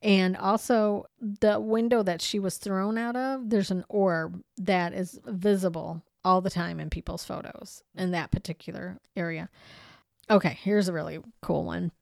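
A woman co-hosting a podcast, casually telling ghost stories in a chatty, animated way with frequent fillers. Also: lowish voice, measured pace, creaky, no echo. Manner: chatty, lots of "you know" and "um"; animated, laughs easily. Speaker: podcast co-host. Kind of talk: casual storytelling about hauntings.

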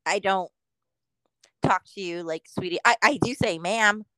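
A woman's voice: medium pitch, unhurried, bright, forceful tone, no echo, poor audio. A middle-aged woman co-hosting a podcast in casual chat, talkative and laughing often as she quotes people. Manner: chatty, laughing often, quoting others in voices. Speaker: podcast co-host.

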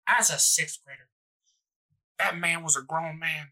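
A young man co-hosting a podcast, telling a long profane story in a rambling, animated way. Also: on the high side, a little slow, low-quality recording. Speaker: podcast co-host. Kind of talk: casual storytelling chat.

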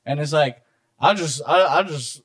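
A man's voice: fairly high pitch, normal speed, fairly bright tone. A man co-hosting a casual podcast chat, passionate and profane, who gets worked up on rants. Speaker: podcast co-host.

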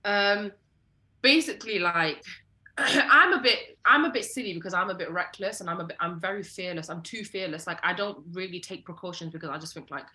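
A young woman tells travel stories on a podcast, in an animated and casual way with plenty of filler words. Her voice is bright and forceful. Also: fairly low pitch. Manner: animated, lots of "like" fillers, jumps into quoted voices. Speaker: podcast co-host. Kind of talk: casual storytelling chat.

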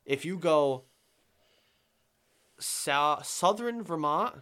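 Fast-talking New man. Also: a little high, animated, fairly bright tone, smooth. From New England. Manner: fast-talking, swears casually, reads stories aloud. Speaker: podcast co-host. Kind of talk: casual podcast chat and story reading.

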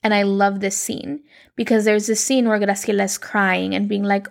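A woman hosts a casual podcast and retells a telenovela with chatty enthusiasm. Her voice sits at an ordinary pitch with a noticeable creaky fry running through it. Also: fairly even intonation, normal speed. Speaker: podcast host.

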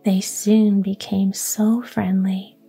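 A woman storyteller reads a fairy tale in a soft, even whisper. Her pace is very slow and her tone dark and mellow. The voice is airy and breathy throughout. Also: mid-range voice, soft background music.

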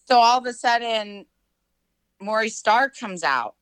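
A middle-aged woman telling a personal story in casual chat, full of fillers and lively quoted voices. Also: fairly high pitch, unhurried, clean tone, dry recording, poor audio. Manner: chatty, filler-heavy, animated quoting.

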